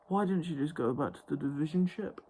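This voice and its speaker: A man's voice: a little high, mellow, slight background noise. A man reviewing a TV show in an exasperated, profane rant. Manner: exasperated, heavily profane ranting. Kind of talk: ranting review vlog.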